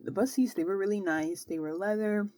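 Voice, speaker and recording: Brisk and mid-pitched, this young woman recounts a story for her vlog with no room sound in the recording. Her retelling is lively and loaded with slang and fillers, especially "like" and "bro."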